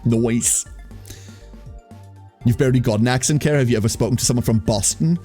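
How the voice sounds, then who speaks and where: A man's voice: medium pitch, brisk, warm tone, soft background music. A man from Germany with a light German accent, casually chatting with his live-stream chat, laughing often and repeating his phrases.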